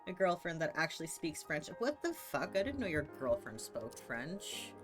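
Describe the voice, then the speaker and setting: A man's voice: fairly high pitch, huge pitch swings, normal speed. A trans man streaming a role-playing game in casual chat, laughing, swearing and poking fun at himself. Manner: laughing, swearing, self-mocking. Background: game music.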